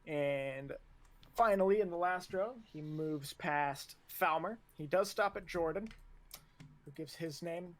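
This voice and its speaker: A young man runs a tabletop game as its game master. His voice sits fairly high, and he slips between plain narration and a drill instructor's barked lines. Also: slow.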